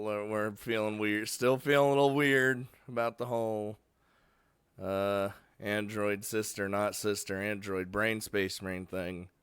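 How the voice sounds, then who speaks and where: A man's voice: lowish voice, fairly bright tone, clear, resonant tone, dry recording. A man streaming a game live, rambling and laughing often, casually swearing, just woken up and yawning.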